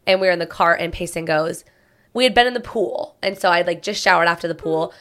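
A woman's voice: fairly low pitch, fast talker, fairly bright tone. A young woman and mother co-hosting a podcast in casual chat, talking with many filler "likes". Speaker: podcast co-host.

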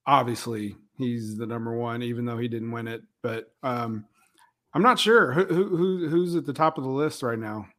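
A man's voice: medium pitch, normal speed, a bit bright. A man co-hosting a sports podcast, agreeing easily and hesitating with frequent ums. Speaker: podcast co-host. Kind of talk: casual sports chat.

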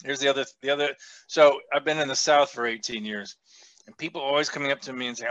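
A man hosting a casual podcast, profane and animated, who laughs often and acts out the people he quotes. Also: mid-range voice, quick pace, no echo, dull audio. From a big US city. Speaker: podcast host.

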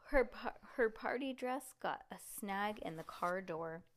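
A woman reading a storybook aloud to a child in a lively, expressive way. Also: mid-range voice, unhurried.

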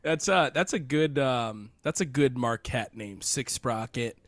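Lively man in crude podcast banter. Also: medium pitch, measured pace. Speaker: podcast co-host.

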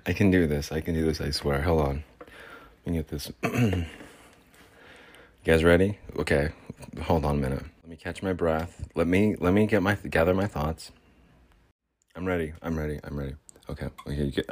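A man's voice: very deep voice, normal speed, darkish tone. A man hosting a casual solo podcast from his home, rambling in a goofy, playful way. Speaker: podcast host. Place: home with cats, in Boston.

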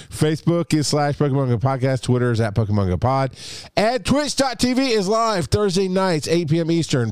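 A man's voice: a little high, clean tone, no room sound, studio quality. A man co-hosting a podcast in casual, upbeat chat, laughing often as he signs off. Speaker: podcast co-host.

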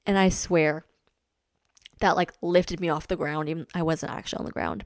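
A chatty young woman hosting a podcast, talking casually and leaning on "like" between thoughts. Her voice sits a little low for a woman. It is recorded close and dry, with no room sound. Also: fairly even intonation, fairly quick, no room sound. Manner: chatty, lots of "like" fillers. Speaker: podcast host. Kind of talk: casual chat recounting a race.

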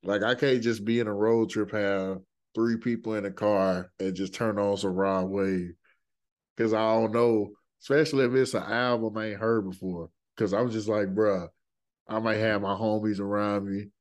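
A man hosting a casual podcast, with a very low voice that barely moves in pitch. He talks in a relaxed, hesitant way, filling the gaps with plenty of fillers. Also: normal speed. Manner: laid-back, hesitant, many fillers. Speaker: podcast host.

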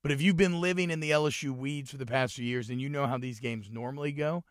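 Animated man talking college football. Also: mid-range voice, fast, no room sound, studio quality. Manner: animated, rising to excited shouting. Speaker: podcast co-host. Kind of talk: casual sports talk.

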